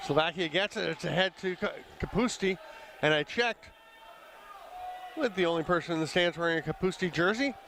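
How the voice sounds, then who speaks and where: A man calling a live lacrosse game play by play, brisk and conversational, with the odd chuckle. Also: high-pitched, a bit bright, slight background noise. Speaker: play-by-play commentator. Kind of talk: live sports commentary.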